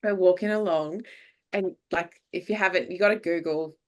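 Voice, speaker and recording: A woman with an Australian accent hosting a podcast, telling a lively anecdote in casual chat, acting out what people said and laughing often. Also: lowish voice, normal speed. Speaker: podcast host. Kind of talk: casual chat, animated storytelling.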